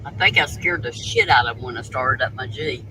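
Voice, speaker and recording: A man's voice: medium pitch, huge pitch swings, brisk, pushed and bright, slight background noise, poor audio. A middle-aged man on a call, chatting casually in a shrugging, plainspoken, folksy way. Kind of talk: casual chat.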